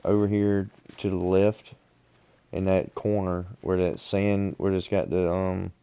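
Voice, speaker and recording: Streamer, male, deep and mellow, calm guide to fellow players. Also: clear, resonant tone, lo-fi sound. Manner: unhurried, explains directions to other players. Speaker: gaming streamer. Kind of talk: casual gameplay chat.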